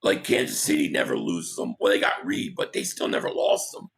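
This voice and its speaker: A man hosting a casual live stream, hoarse from losing his voice, who reads out viewer comments and gives blunt opinions. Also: very deep voice, sing-song, a bit bright. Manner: opinionated, quick agreement with viewers.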